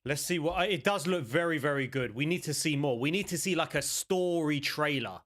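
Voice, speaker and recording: A young man hosting a gaming channel, chatting casually and excitedly as he reacts to game trailers in a rambling, jokey way. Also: a little high, moderate pace, slight background noise.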